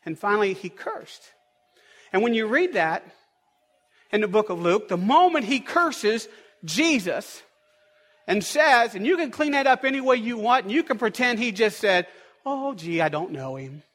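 A man's voice: extremely high pitch, animated, normal speed, a bit bright. A man preaching a sermon as pastor in a church, with an emphatic, repetitive cadence. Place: church sanctuary. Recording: long echo of a large hall.

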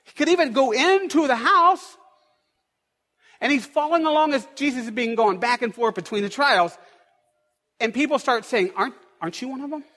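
A man's voice: very high-pitched, moderate pace, long pauses, sharp tone. A man preaching a sermon as pastor in a church, with an emphatic, repetitive cadence. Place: church sanctuary. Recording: long echo of a large hall.

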